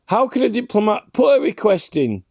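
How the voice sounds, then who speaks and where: Here a reaction vlogger with a high, very animated and a little mellow voice gives combative ranting commentary, with no room sound in the recording. He repeatedly challenges the man he's arguing with, stammering through halting restarts.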